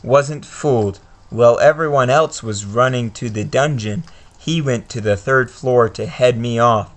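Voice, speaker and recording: A smug, scheming male teacher who reveals himself as the villain in a fan-made block-building game, voiced as a man reads the text aloud. He speaks slowly, with a plain middle-pitched male voice. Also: natural voice.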